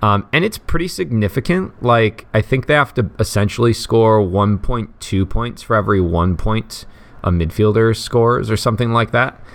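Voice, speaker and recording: A man's voice: lowish voice, expressive, normal speed. A man co-hosting a podcast, chatting casually and jokingly with lots of fillers and restarts. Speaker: podcast co-host. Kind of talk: casual chat about fantasy football.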